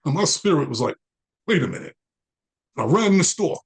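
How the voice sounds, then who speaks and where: A man, a guest in an interview, telling his life story with animated quoted dialogue. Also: fairly high pitch, fairly quick, gravelly, husky. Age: 40s.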